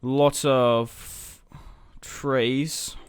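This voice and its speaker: A man's voice: medium pitch, flat delivery, smooth, dry recording, studio quality. A young man giving casual commentary over a strategy game, thinking aloud as he plans his moves. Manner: thinking aloud, musing and unhurried. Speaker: gaming video host.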